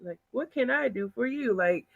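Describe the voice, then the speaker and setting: Panelist, woman, high voice, relaxed chatty manner. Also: moderate pace, creaky, highs cut off. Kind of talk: casual chat.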